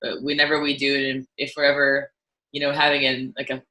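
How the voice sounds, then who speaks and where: A woman musician chatting as an interview guest, telling stories in an animated way with frequent "like"s and restarts. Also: very deep voice, a little fast, poor audio. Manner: animated storytelling, lots of "like" and restarts. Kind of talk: casual interview chat.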